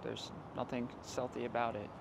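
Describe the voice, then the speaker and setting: A man from the US East Coast vlogging casually outdoors, telling his story emphatically with sudden louder bursts. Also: mid-range voice, flat delivery, normal speed, gravelly, noisy background. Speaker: vlogger living in a bus. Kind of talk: casual vlog to camera. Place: outdoors in a city street.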